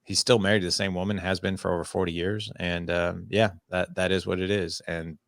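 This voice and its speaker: In a candid storytelling interview, a podcast guest talks a little fast in a very deep voice full of gravel and vocal fry. Earnest and animated, he reenacts past conversations, often saying "I was like," and the recording is close and dry without echo.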